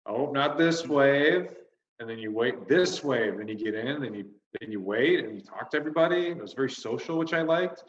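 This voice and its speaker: A man's voice: medium pitch, expressive, quick pace, few pauses. A man co-hosting a comedy podcast, ranting and swearing in casual chat. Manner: swears a lot, ranting and exasperated. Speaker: podcast co-host. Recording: roomy, slightly dull sound.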